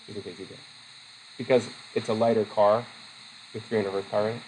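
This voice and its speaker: A man's voice: on the low side, flat delivery, quick pace, a little mellow, a little hiss or hum, low-quality recording. A male instructor giving a casual, rambling classroom lecture, often interrupting himself mid-sentence. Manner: chatty, rambling, self-interrupting. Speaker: college instructor.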